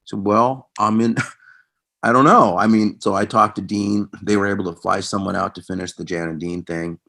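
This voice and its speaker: Man, middle-aged, musician guest, low gravelly voice, casual storytelling. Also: normal speed. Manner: animated anecdotes, reenacting conversations; subdued, reflective when recalling loss.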